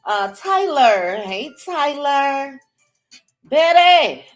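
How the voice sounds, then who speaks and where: A woman hosting a livestream, greeting viewers by name in a casual chat with drawn-out, chatty greetings. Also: on the high side, expressive, a bit bright, faint music behind. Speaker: livestream host.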